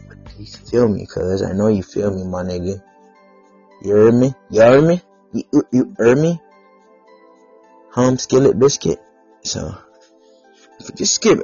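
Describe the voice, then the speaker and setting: Gravelly rambling podcast host. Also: male voice, lowish voice, warm tone, lo-fi sound. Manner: meandering, self-aggrandizing, profane. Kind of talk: rambling livestream monologue.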